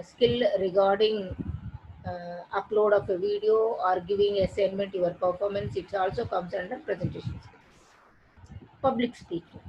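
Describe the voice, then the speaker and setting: A woman's voice: medium pitch, a little mellow, highs cut off, a little hiss or hum. A woman teacher gives a classroom lecture that walks students through a syllabus. She repeats her points and explains them with simple examples. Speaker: college English teacher.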